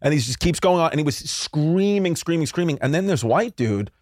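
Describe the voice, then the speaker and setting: A man's voice: on the high side, fairly quick, dry recording, clean studio sound. A man in his thirties from New York, a comedian telling rambling, jokey stories in casual podcast chat. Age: 30s. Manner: rambling, animated storyteller with jokey asides. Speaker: guest comedian.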